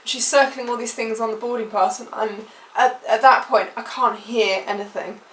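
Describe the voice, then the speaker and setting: A woman's voice: on the high side, fairly even intonation, moderate pace, fairly bright tone. A British woman telling a personal travel story for her vlog, emotional and rambling with many fillers. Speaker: vlogger. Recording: echoey room, mic at a distance.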